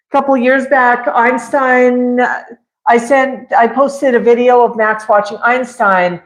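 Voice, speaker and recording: This is a woman's friendly, rambling voice from a home livestream, sitting a touch above the usual pitch for a woman. She answers viewers in loose casual chat and keeps switching to a sweet, high coaxing tone for her parrots. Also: poor audio. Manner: chatty, switches to high coaxing pet-talk with the birds. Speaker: parrot owner hosting a livestream.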